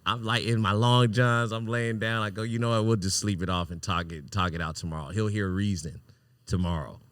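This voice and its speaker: A man hosting a podcast, telling a wild personal story in a casual, animated, profane way, often breaking into laughter. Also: fairly low pitch, brisk, no room sound, studio quality. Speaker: podcast host.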